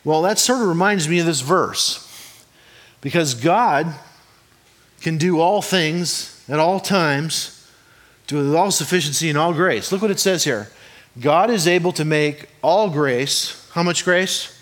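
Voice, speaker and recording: A man's voice: on the high side, measured pace, fairly bright tone. A man, a pastor, delivering a sermon in a conversational, joking way and often asking the congregation rhetorical questions. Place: church hall before a congregation.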